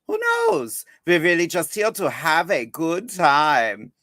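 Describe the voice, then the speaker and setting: A man in drag putting on a slow, theatrical German accent to play a stern older housekeeper woman. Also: fairly high pitch, very animated, a bit bright, no room sound, studio quality, exaggerated voice. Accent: German, put on.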